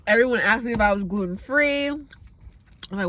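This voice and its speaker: Candid, expressive woman vlogging casually. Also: fairly high pitch, moderate pace, pauses often, noisy background. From San Francisco Bay Area. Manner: candid and expressive, swears freely. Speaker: vegan vlogger. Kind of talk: casual vlog chat.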